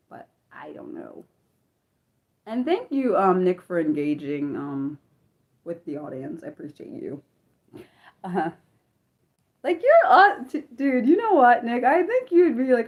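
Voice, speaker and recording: A young woman with a fairly low voice hosts an unscripted livestream. She chats casually and rambles, filling her sentences with little filler words as she talks to her viewers. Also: darkish tone. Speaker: livestream host.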